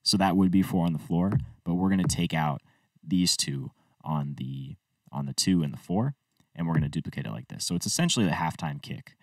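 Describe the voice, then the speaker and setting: A man's voice: deep voice, brisk, no room sound, studio quality, recorded from a distance. A man and music producer talking through a tutorial step by step in an easygoing way. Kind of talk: screen-recorded tutorial walkthrough.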